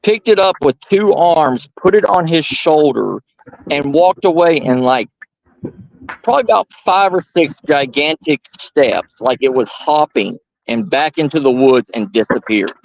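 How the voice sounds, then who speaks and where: A young adult man from Georgia, telling a long story at a firepit in a halting, rambling way with many restarts. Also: on the high side, lively intonation, vocal fry, dry recording, highs cut off. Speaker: storyteller host. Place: outdoors by a firepit.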